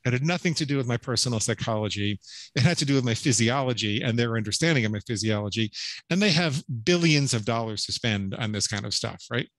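A man's voice: mid-range voice, fairly bright tone, dry recording, low-quality recording. A middle-aged man talking as a podcast guest. He tells his story earnestly and with emphasis, with frequent restarts and "right?" tags. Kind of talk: storytelling interview talk.

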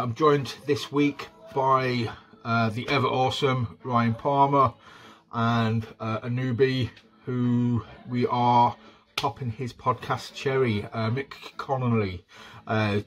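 A man hosting a casual wrestling podcast, talking in a relaxed, upbeat way with lots of fillers. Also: mid-range voice, takes it slowly, poor audio. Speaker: podcast host.

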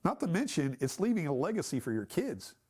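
A man's voice: on the high side, very animated, a little fast, a little mellow, husky. A man teaching a church Bible study class, talking in a conversational, emphatic way and putting questions to the class.

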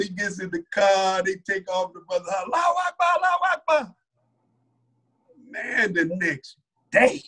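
High bright husky man telling a story. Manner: animated, colloquial, acts out other people's lines. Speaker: mosque captain. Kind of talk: personal testimony told as a story.

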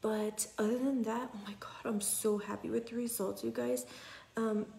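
A young woman talking casually to her phone at home, chatty and often dropping to a soft near whisper. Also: on the high side, level tone, moderate pace, vocal fry. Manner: chatty, repeats "you guys", drops to a near whisper at times. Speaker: patient sharing her recovery. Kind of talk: casual selfie vlog. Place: at home indoors.

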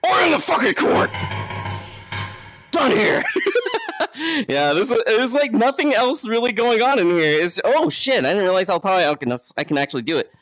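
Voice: mid-range voice, big pitch swings, brisk, soft background music. A VTuber streamer in casual live chat, loose and playful, swearing freely, laughing often and thanking followers. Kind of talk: casual live-stream chat while exploring a virtual world. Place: at home, seated, streaming.

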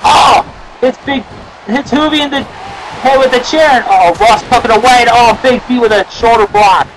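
A young man giving excitable amateur play-by-play commentary on a wrestling match, often shouting exclamations. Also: very high voice, moderate pace. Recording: noisy amateur video with crowd.

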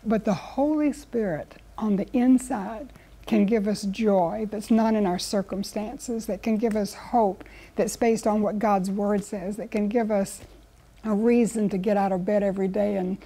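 A woman explains scripture in an earnest, conversational way, telling stories and acting out quotes as she goes. Her voice is warm and mellow. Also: mid-range voice, steady tone, unhurried. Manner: earnest, storytelling with acted quotes. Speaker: guest Bible teacher. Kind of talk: conversational Bible teaching.

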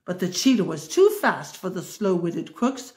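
A woman reading a storybook aloud in an expressive way, adding wry asides of her own. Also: on the low side, moderate pace, echoey room.

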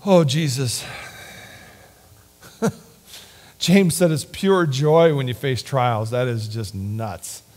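A man preaching a sermon and leading a prayer in a church, earnest and heartfelt, sometimes sinking to a hushed whisper. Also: mid-range voice, takes it slowly, long pauses. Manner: earnest, drops to a hushed whisper at tender points. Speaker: lay preacher. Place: church sanctuary.

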